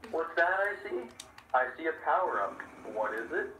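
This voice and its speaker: A man's voice: fairly high pitch, sing-song, normal speed, sharp tone, reverberant, recorded from a distance, slight background noise, low-quality recording. A man bantering with a friend over a video game, giving dry, stubborn comebacks. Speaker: gamer playing with a friend. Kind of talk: casual gaming banter.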